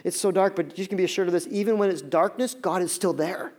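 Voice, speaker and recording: A man preaching a sermon as pastor, swinging between loud emphatic pleas and soft, low passages. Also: fast talker.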